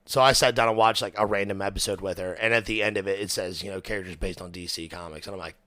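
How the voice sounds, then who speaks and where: A young man hosting a casual podcast chat, animated, with lots of fillers, restarts and swearing. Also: sits low, fast, no room sound, clean studio sound. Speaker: podcast host.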